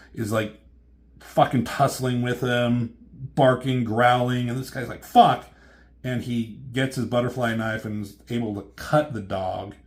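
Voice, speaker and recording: A man with a fairly low voice talks through a comic book plot in a loose, casual way. He swears freely and keeps stopping and restarting with ums as he goes. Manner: rambling, profane, many ums and restarts.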